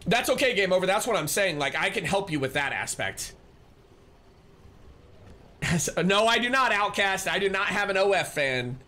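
With a sing-song, sharp, high-pitched voice, a man rambles through a casual live stream at a moderate pace, pausing often. He keeps restarting his sentences while reading chat aloud, replying to viewers and thanking them.

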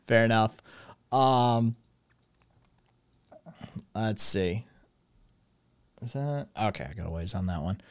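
A man's voice: lowish voice, lively intonation, slow, pauses often, clear, resonant tone, no room sound. A man hosting a live stream, chatting casually in a sarcastic, profane, joking way. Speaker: stream host. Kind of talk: casual chat.

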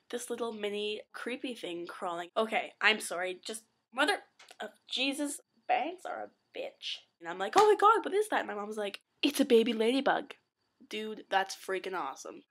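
A woman's voice: mid-range voice, moderate pace, fairly bright tone. A teenage girl vlogging at home into a laptop webcam, rambling in a giddy, random way. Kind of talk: casual vlog chat.

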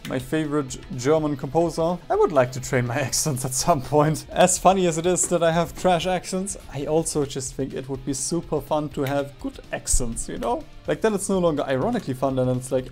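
A man's voice: on the high side, a little mellow, faint music behind. Joking man streaming a strategy game. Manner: joking, self-mocking, quick reactions to the game. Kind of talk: casual gameplay commentary.

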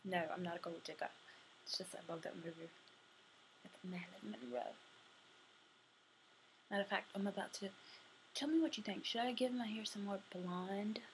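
A young woman chatting casually to camera, answering questions for a tag video, sometimes dropping to a soft murmur. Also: medium pitch, normal speed, pauses often, slight background noise, poor audio. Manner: chatty, drifting between soft murmurs and bright bursts.

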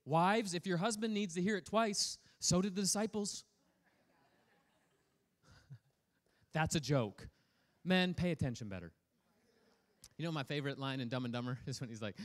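A man's voice: on the high side, normal speed, pauses often. A man preaching a sermon as a pastor, casual and joking, reading scripture aloud and breaking off to comment on it. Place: church hall.

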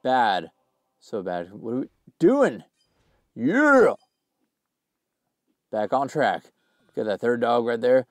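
A young man giving casual gameplay commentary, full of slang, who often bursts into loud screams and laughter. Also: medium pitch, a little slow, no room sound. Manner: hyped, yells and screams when excited, slangy. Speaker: gaming YouTuber.

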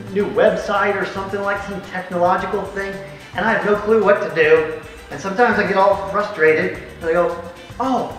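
A male mental toughness trainer telling a team a story, acting out the dialogue as he goes. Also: high voice. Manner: animated, acts out conversations in quotes. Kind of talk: motivational storytelling to a sports team. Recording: echoey distant recording with music behind.

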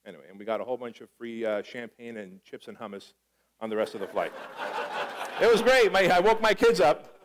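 A man's voice: medium pitch, expressive, quick pace, low-quality recording. A middle-aged man giving a live motivational talk, telling stories animatedly, acting out the dialogue and swearing. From Armenia. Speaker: motivational speaker.

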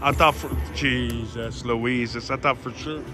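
A man in a casino, calling out his slot spins to viewers with excited shouts and groans. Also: mid-range voice, slow, over music. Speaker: slot machine vlogger. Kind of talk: excited live slot commentary. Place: casino floor.

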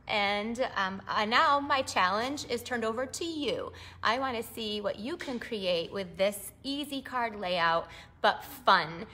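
A woman's voice: mid-range voice, sharp tone. A middle-aged woman, chatty and bubbly, leading a live-streamed papercraft demonstration from her home craft space.

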